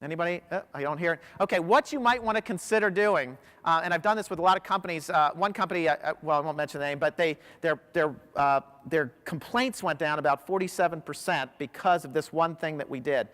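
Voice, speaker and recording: A high-pitched man gives an animated keynote talk, telling stories and firing questions at a big crowd. His voice rings out with a long hall reverb behind it. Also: fast, hardly any pauses. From United States. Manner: animated storyteller, quizzes the audience. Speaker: professional speaker. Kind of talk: motivational keynote talk to a large audience. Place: large hall.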